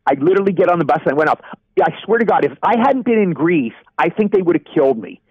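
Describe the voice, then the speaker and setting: Older guy rattling off stories quick, a bit high voiced, dry dull audio. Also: slightly rough, no echo. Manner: animated anecdote teller, acts out quoted voices. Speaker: interview guest, actor. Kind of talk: storytelling in a casual interview.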